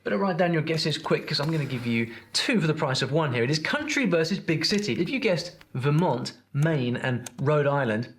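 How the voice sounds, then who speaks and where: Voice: medium pitch, sing-song, brisk, hardly any pauses, a little hiss or hum. A narrator reading a scripted video about accents in a wry, conversational way.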